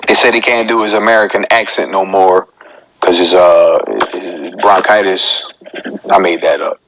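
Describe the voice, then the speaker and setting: A male comedian in his thirties hosts a casual live-stream monologue. His voice is bright and forceful, and he jokes with his viewers and talks straight to them. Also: low-pitched, steady tone, normal speed, poor audio. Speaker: comedian hosting his own live show.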